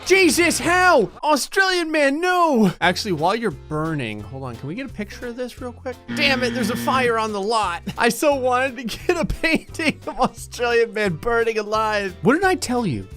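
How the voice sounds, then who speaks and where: A man giving sarcastic, comedic commentary over gameplay, voicing his characters in quick silly asides. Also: extremely high pitch, sing-song, a bit bright, soft background music. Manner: sarcastic, playful, voices sims in silly asides. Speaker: let's play commentator.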